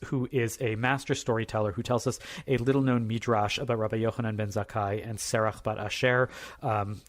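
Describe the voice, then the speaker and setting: A man's voice: mid-range voice, dry recording. Casual male podcast host, dry sound. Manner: casual, filler-heavy. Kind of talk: casual introduction.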